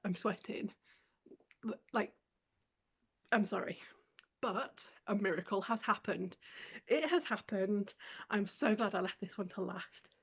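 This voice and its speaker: A woman's voice: mid-range voice, unhurried, long pauses, slightly rough. A British woman vlogging a try-on haul at home, chatty and exclaiming, poking fun at herself. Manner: chatty, exclaiming, self-deprecating. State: out of breath. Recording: dull lo-fi camera audio.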